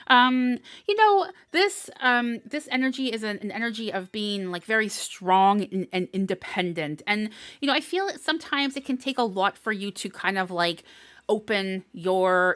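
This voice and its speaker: A woman's voice: mid-range voice, fairly bright tone, dry recording. A woman giving a live collective tarot reading, talking in a chatty, upbeat way and laughing often. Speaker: tarot reader.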